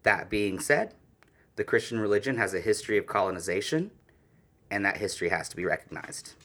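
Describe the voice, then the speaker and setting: A man's voice: lowish voice, expressive, fairly quick, bright, forceful tone. A man co-hosting a podcast, chatting casually about history with opinionated, swearing asides. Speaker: podcast co-host.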